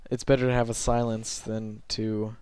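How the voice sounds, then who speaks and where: A young man giving rambling, self-conscious gameplay commentary from his bed late at night, filling pauses with lots of ums. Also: on the low side, little pitch movement, a little mellow, clear, resonant tone, no room sound.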